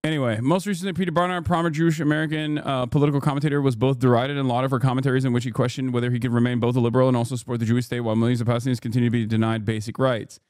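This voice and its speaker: A man's voice: mid-range voice, level tone, darkish tone, no echo, studio quality. A man streaming and reacting to clips in casual, profane, sarcastic commentary. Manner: profane, sarcastic, quick asides.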